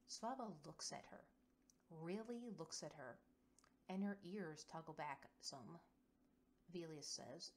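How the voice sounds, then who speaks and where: A woman reading audio fiction aloud as narrator, in a measured storytelling manner. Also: low voice, expressive, gravelly.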